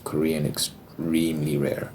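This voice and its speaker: A man's voice: rumbling low, completely flat delivery, a little slow. A young man who makes ASMR videos, chatting casually and rambling, with unfiltered asides and the odd swear word. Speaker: ASMR creator. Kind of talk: casual ASMR chat over tapping. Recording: clear background noise. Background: tapping and card shuffling noise.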